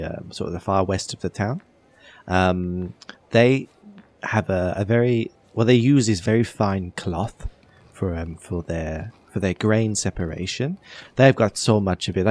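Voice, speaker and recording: A man's voice: low voice, normal speed, darkish tone. A man voicing a fussy, over-polite townswoman who rambles and stumbles over her words. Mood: fussy chatty. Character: chatty fussy woman of the town.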